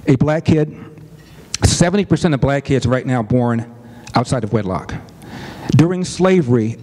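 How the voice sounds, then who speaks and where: A middle-aged man with a warm, mid-range voice tells a family story as a commentator. He's earnest and deliberate, stressing his points through repetition.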